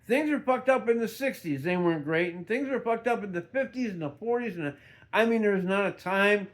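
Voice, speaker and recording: A man's voice: high-pitched, lively intonation, fairly quick. A middle-aged man talks unscripted to his camera in a slightly raised voice. He rambles, swears casually, and often stops and restarts mid-sentence. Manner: rambling, profane, with frequent restarts. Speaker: vlogger.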